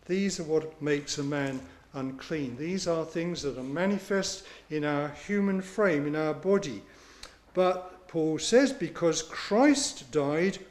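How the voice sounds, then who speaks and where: A man delivers a sermon, working through scripture passage by passage. He speaks slowly and deliberately in a slightly raised register. He leans on the important phrases so they land with emphasis. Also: fairly high pitch. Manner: slow, measured delivery with emphatic rises on key phrases. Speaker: preacher.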